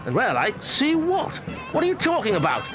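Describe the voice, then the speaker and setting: A man's voice: very high voice, wildly swooping pitch, a little fast, exaggerated voice. An actor playing a gossipy male warlock performer, mocking a coworker and mimicking people as he tells a story. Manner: chatty, mocking, acts out quotes in funny voices. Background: music.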